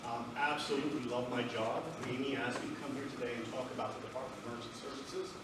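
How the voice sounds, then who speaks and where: A man's voice: medium pitch, steady tone, fast. Echoey talkative man at a community event. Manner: talkative, emphatic explainer. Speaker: county emergency services director. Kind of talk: public presentation to an audience. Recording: echoey hall from far off, noisy.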